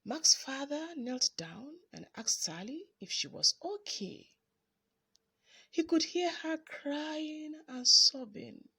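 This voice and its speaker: A woman reading a children's story aloud in an expressive, dramatic storytelling manner. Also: high-pitched, takes it slowly.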